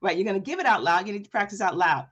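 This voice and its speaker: A woman coach giving an energetic live online workshop, asking the audience questions and acting out quoted speech with a lifted voice. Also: medium pitch, very fast, husky. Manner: energetic, talks straight to the audience with repeated questions. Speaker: presentation coach. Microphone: video call.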